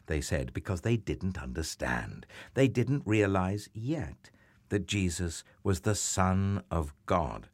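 A man reading a children's Bible story aloud with dramatic expression, dropping to hushed whispers and rising to loud cries. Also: sits low, lively intonation, takes it slowly, no room sound, clean studio sound.

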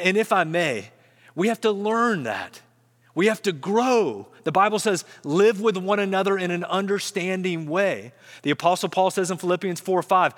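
A man preaches a sermon as a pastor, speaking earnestly and often repeating words as he builds momentum. His voice is high and fairly bright, and the recording has the sound of a big room.

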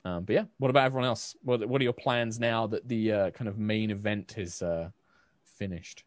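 A man serving as game master for a tabletop game, narrating in a casual, rambling way full of ums and likes. His voice sits on the low side. The sound is close and dry. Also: fairly even intonation, moderate pace, dry recording.

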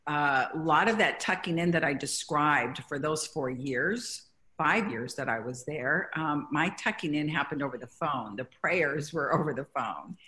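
Low-voiced woman telling a story. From Mexico. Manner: warm storytelling, grows emotional, halting restarts. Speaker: interview guest. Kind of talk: conversational interview.

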